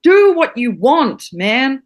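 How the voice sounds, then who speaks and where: A woman's voice: high-pitched, big pitch swings, takes it slowly. A woman from New Zealand, a podcast guest who teaches acting, talking with passion and emphasis and swearing freely. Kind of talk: podcast interview.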